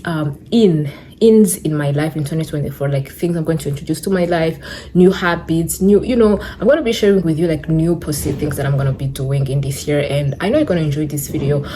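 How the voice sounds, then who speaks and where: A woman's voice: low-pitched, warm tone, slight background noise. A young woman beauty vlogger chatting casually while doing her makeup, a bit out of breath and rambling with fillers. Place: indoors at home, sit-down filming. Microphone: camera in front of her.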